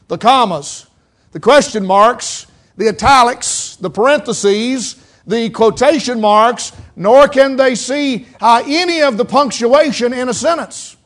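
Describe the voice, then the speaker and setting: Man, preacher, Southern mountain accent, very high pitch, folksy sermon, acts out quotes.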